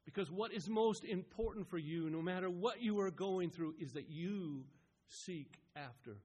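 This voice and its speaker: Husky-voiced pastor preaching a sermon. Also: male voice, high-pitched, normal speed. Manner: rising and falling in emphasis, building to loud peaks.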